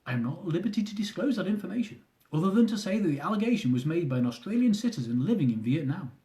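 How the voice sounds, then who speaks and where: A man's voice: high-pitched, very animated, racing, dark tone, reverberant, voice pushed up. A man voicing a stern, formal female immigration officer, close to his own voice.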